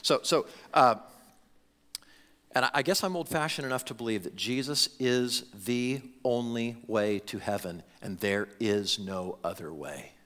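A man's voice: medium pitch, a little slow, fairly bright tone, big-room sound. A pastor in his forties preaching a sermon in a church, acting out the voices of the people he quotes. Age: 40s. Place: church sanctuary.

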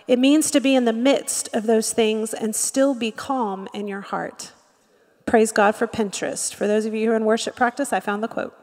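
Woman pastor, high voice, animated sermon with acted quotes, long hall reverb. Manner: lively preaching with acted-out quotes and frequent "Amen?". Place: church sanctuary.

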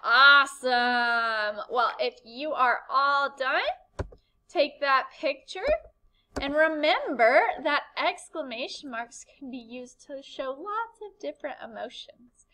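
A woman's voice: high voice, takes it slowly, bright, forceful tone, low-quality recording. A woman teacher giving a recorded writing lesson to young children, upbeat and encouraging, asking the class questions.

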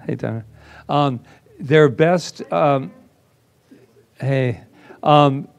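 With a medium-pitched, darkish voice, a man who is a reverend spins a personal tale for his congregation at a spiritual center. He plays it theatrically and pokes fun at himself, performing each quoted line in lively storytelling.

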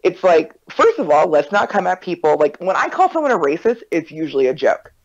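A podcast host in casual conversation, telling stories in an animated way and acting out quoted exchanges. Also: mid-range voice, fairly quick. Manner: animated storyteller, acts out quotes. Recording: dull lo-fi recording.

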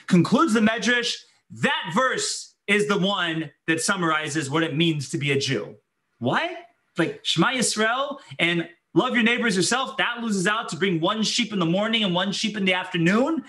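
A man giving a Torah lecture as a rabbi, telling the story with lively energy and acting out the voices he quotes. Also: high-pitched. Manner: animated, acts out quoted voices, laughs while telling.

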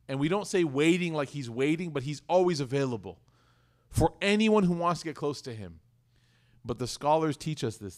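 A man giving a lively religious talk to a live audience, conversational and questioning the listeners directly. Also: fairly high pitch. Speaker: religious teacher.

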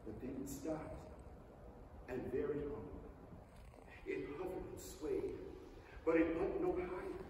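A man giving a theatrical staged reading of a children's novel, with an animated storytelling manner. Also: fairly high pitch, slow, long pauses. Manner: animated, theatrical storytelling with shifting character voices. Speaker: reader. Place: theatre stage before an audience. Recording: echoey hall, mic far off.

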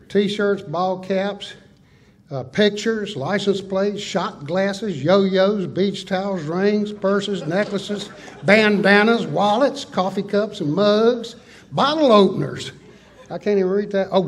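An older man giving a folksy, animated conference talk, riffing through lists and anecdotes. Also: high voice, husky. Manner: folksy, animated storytelling with list-like riffs. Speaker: conference speaker. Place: conference hall.

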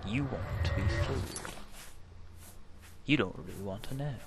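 A man putting on a measured older English magician. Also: medium pitch, close to an everyday voice. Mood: solemn. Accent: attempted English. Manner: slow, deliberate monologue delivery. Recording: audible background noise.

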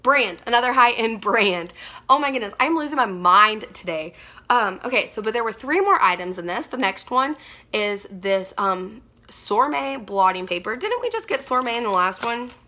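An excitable young woman rambles through a beauty unboxing, gushing over every item. Her voice sits fairly high and sounds bright and sharp. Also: normal speed. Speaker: beauty vlogger. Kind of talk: casual unboxing chat.

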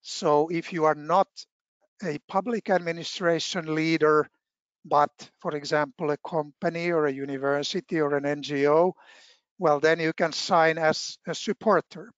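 A man giving a formal webinar presentation over a video call, measured, with frequent filler pauses. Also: a little high, steady tone, a bit bright, smooth, no echo. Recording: dull, dry video-call audio.

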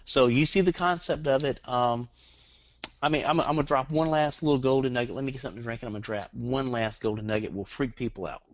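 Fast-talking Southern man on a webinar. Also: mid-range voice. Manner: rambling, joking, fast-talking. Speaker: guest webinar trainer. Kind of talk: online marketing webinar. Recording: dull lo-fi dry webinar audio.

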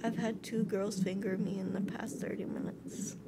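A woman's voice: medium pitch, flat delivery, moderate pace, background noise. A nineteen-year-old woman vlogging in casual chat from a hospital room, giggly and rambling, with many filler likes.

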